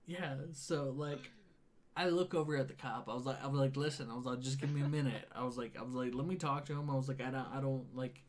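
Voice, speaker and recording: A man telling a story in a loose, swearing, animated way, acting out what everyone said. His voice sits at an ordinary middle pitch. A faint hum of ambient noise sits under the recording. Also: quick pace. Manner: profane, animated retelling with quoted dialogue. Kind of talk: casual storytelling chat.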